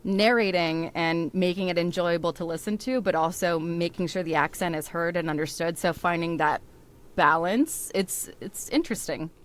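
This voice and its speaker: A woman's voice: fairly low pitch, normal speed. A young woman from the American South with a neutral American accent, chatting and laughing often as a podcast guest who narrates audiobooks. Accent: General American. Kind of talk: casual chat.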